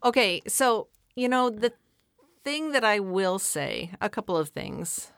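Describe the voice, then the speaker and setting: A woman co-hosting a podcast, telling a personal story in a casual, animated way with some swearing. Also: medium pitch, unhurried, gravelly, clean tone, dry recording, clean studio sound. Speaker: podcast co-host.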